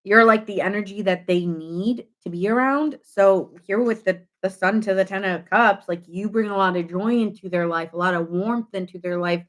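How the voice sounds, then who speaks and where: A woman giving a casual tarot reading, chatty and animated, full of fillers, acting out little quoted reactions. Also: medium pitch, normal speed, few pauses. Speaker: tarot reader.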